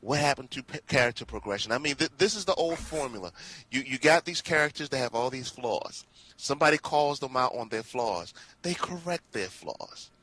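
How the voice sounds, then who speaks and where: A man's voice: medium pitch, expressive, moderate pace, pushed and bright, slightly rough, low-quality recording. A man chatting casually as a film reviewer, sardonic and given to pointed questions. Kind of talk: casual chat.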